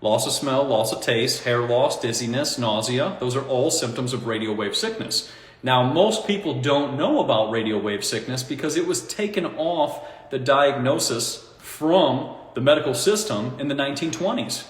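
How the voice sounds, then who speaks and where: A man's voice: mid-range voice, moderate pace. Rambling man in an echoey room. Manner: rambling and animated, laughs at his own points, mocking quoted voices. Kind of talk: casual monologue. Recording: echoey room with long reverb.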